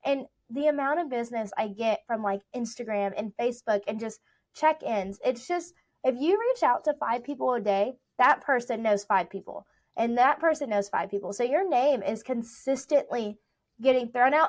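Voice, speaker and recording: A young woman, a real estate agent, telling stories in a casual interview, chatty and animated with lots of fillers. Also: fairly high pitch, moderate pace. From Texas. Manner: chatty, animated storytelling with many "like"s.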